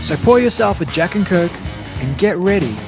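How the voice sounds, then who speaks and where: An announcer reads a scripted intro in an upbeat promo style. The voice sits at a middle pitch. Guitar music plays clearly underneath. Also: expressive, normal speed. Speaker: show announcer.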